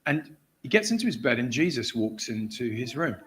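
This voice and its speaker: This guest preacher from England speaks at normal speed in a mid-range voice, delivering sermon storytelling at a church. He acts out characters by shouting their lines and breaks into laughter frequently.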